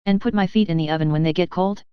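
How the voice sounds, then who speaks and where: Earnest orphan girl read by a woman, pleading and anxious, clear smooth voice. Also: on the low side, fast, no room sound, muffled recording, lightly acted.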